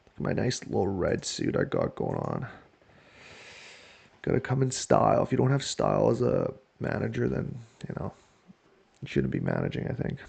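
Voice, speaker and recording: Gravelly lively man playing a game. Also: on the low side, moderate pace. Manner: excitable, jokes to himself, shouts at goals. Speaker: video game player. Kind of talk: casual let's-play commentary.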